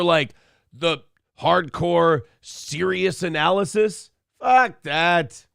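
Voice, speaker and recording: A man's voice: a little high, vocal fry, a bit bright, clear, resonant tone, no echo, studio quality. A man co-hosting a morning talk show, joking crudely and reading chat comments aloud. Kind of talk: irreverent comedy chat.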